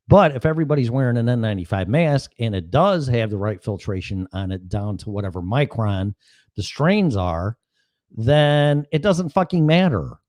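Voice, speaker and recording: His voice sits on the low side and is a little mellow, captured as clean studio sound without echo. He's a podcast host on a relaxed solo livestream, rambling, sarcastic, cursing freely and skipping from topic to topic.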